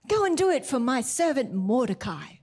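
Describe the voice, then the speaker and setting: This is a commanding king from an old story, voiced by a woman retelling it, full of theatre and sudden temper. The voice sits fairly high but swoops dramatically. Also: very animated, moderate pace, darkish tone, slightly rough, full character voice. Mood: regal. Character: king of old, grand, quick to anger.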